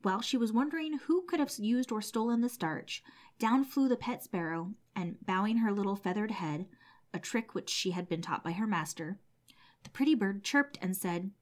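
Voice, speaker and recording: A woman's voice: medium pitch, expressive, normal speed. Woman narrating an old storybook tale.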